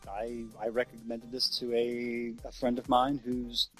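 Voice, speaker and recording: A man's voice: medium pitch, monotone, unhurried, a bit bright, faint music behind. A man co-hosting an anime review, talking casually and thoughtfully in a conversational way. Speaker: co-host of an anime review show.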